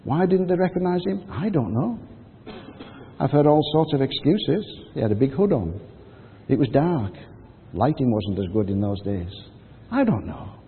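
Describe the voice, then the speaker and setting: A man's voice: medium pitch, very animated, moderate pace, a little hiss or hum. A man giving a sermon, telling the story in a conversational way and acting out the quotes. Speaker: preacher. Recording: phone-like audio with long hall reverb.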